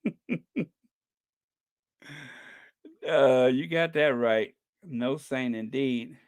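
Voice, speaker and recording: A livestream host talking slowly and casually into a desk mic while reading the chat aloud. The host laughs often and draws out long strings of no's. The sound is dry and close, with no room echo. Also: medium pitch, a little mellow, clean tone. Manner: chatty, laughs often, drawn-out repeated no's.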